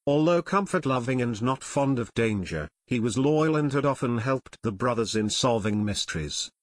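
A male audiobook narrator reads scripted text in a steady, even manner at a moderate pace. His pitch is ordinary and mid-range, and the recording is close and dry with no echo or room sound.

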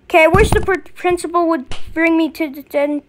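A woman giving let's play commentary, excitable and quick to panic. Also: very high-pitched, a little hiss or hum. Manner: excitable, panicky, yelling in fright. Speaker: gameplay commentator.

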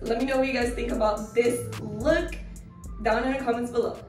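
A woman's voice: a little high, steady tone, brisk, a little mellow, distant mic, soft background music. A young woman chatting casually in a fashion try-on vlog, gushing and bubbly, full of "like" and "so cute". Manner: bubbly, gushing, filler-heavy. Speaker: fashion vlogger. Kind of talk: casual try-on haul chat. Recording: echoey room, voice set back from the mic.

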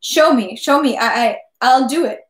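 A woman voicing an anxious nobleman who speaks in a hurried, halting way. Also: sits high, animated, reverberant, pitched above the performer's own voice. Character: anxious, breathless nobleman eager to help.

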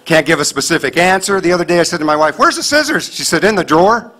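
A man's voice: fairly high pitch, fast talker, a bit bright. A man doing a clean stand-up set before a live audience, telling punchy stories with mock dialogue. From Kansas City area, US. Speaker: stand-up comedian. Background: audience laughter.

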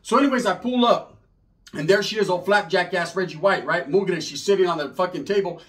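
A man telling a comic story in an animated, profane way, full of street slang and Spanish words. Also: sits high, a little fast. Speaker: comedian storyteller.

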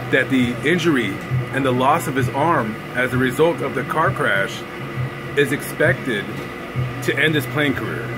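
A man's voice: mid-range voice, rough recording. A man ranting casually into his camera, sarcastic and mocking, laughing at his own jokes. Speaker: vlogger.

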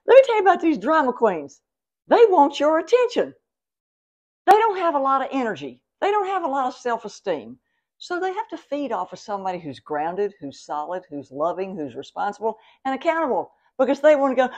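Brief: psychic medium giving advice vlog-style, a woman with a higher voice and a lively, swooping, exclamatory delivery. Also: normal speed. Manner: animated, exclamatory, talks straight to the viewer.

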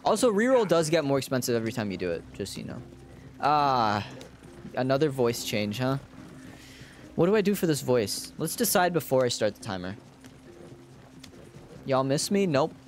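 A man's voice: medium pitch, sing-song, moderate pace, long pauses, slight background noise. A male streamer casually commenting on his game to viewers, swearing freely. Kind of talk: gaming livestream commentary.

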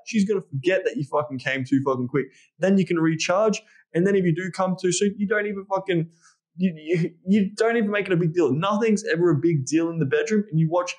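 A man with an Australian accent, a guest coach talking frankly on a podcast, swearing freely and acting out the lines he would say. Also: high-pitched. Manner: blunt and heavily profane, acts out lines he would say. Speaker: guest, dating and sex coach. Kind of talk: candid podcast conversation.

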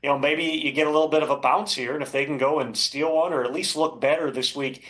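A man working as a football insider, giving measured, thoughtful analysis as an interview guest, with frequent fillers. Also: fairly high pitch, fairly even intonation, a bit bright. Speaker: NFL insider.

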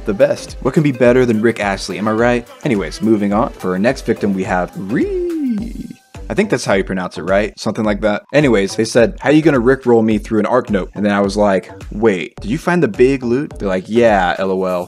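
A man chatting about a game and reading out players' messages in a joking, playful way. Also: on the low side. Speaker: gaming YouTuber. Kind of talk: casual gameplay commentary.

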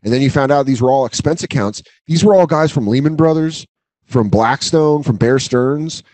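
A man in his thirties telling a profane, animated story in casual chat. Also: medium pitch, moderate pace, no echo, low-quality recording. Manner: profane, animated, acts out customers' voices. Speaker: guest storyteller.

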